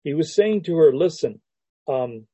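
A man preaching a sermon as a pastor, teaching verse by verse in an unhurried, reflective way with restarts and soft laughs. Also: a little high, lively intonation, slightly rough, no room sound.

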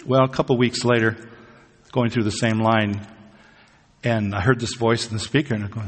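This male pastor's sermon unfolds as casual storytelling about everyday life, full of laughs and asides. He talks a little fast in a husky, medium-pitched voice, and a long reverb from the hall lingers behind him.

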